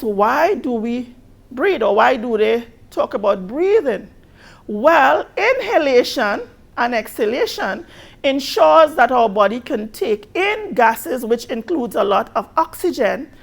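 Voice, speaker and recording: High, gravelly Caribbean woman teaching biology. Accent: Caribbean English. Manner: patient, repeats questions slowly with emphasis. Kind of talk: exam review lesson.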